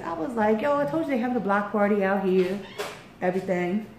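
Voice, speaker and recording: A woman with a Baltimore accent telling a story in casual chat as a radio interviewer, acting out quotes with big jumps in pitch. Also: fast talker, a little mellow. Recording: echoey room, faint noise.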